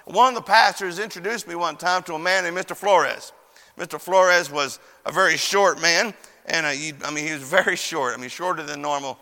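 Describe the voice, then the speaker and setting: A man's voice: on the high side, a little fast, sharp tone. A young man preaching a sermon in a church chapel, telling stories in a folksy way with plenty of fillers. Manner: folksy storyteller with many fillers and quoted voices. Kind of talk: sermon with storytelling. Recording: long hall reverb.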